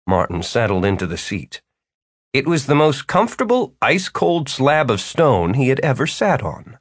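A man reading a story aloud as a narrator, with wry, expressive storytelling. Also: medium pitch, normal speed, husky, no room sound, studio quality. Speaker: audiobook narrator. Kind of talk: scripted narration.

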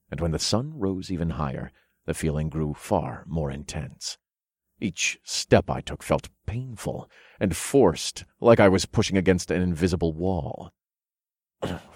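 A man narrating first-person fiction in a low, steady storytelling voice, close to the mic. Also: dry recording. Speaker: audiobook narrator.

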